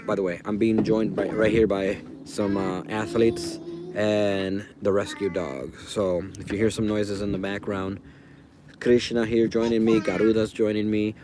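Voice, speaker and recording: A man's voice: fairly low pitch, background noise. A man hosting a livestream outdoors, rambling casually and answering viewers in chat by name. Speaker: livestream host. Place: outdoors by a fire.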